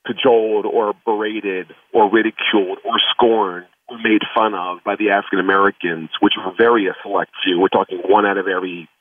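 A man's voice: fairly low pitch, little pitch movement, fairly quick, few pauses, no echo. A man telling his personal story earnestly and reflectively in an interview, heard over a phone line. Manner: earnest, reflective, lots of "you know". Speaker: guest, foundation founder. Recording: tinny phone line, distant from the mic.

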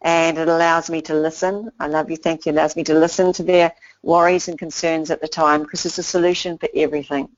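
A woman's voice: low voice, little pitch movement, fairly quick. A woman inspirational speaker giving an earnest motivational talk, repeating simple phrases, on a slightly dull lo-fi recording.

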